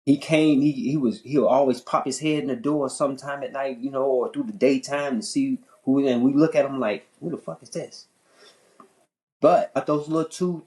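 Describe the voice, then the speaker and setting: A man on a podcast telling a long story in casual chat. He talks in an animated, profane way, often repeating and restarting his phrases. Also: rough recording. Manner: animated, profane, pitch jumping high when worked up. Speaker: podcast host.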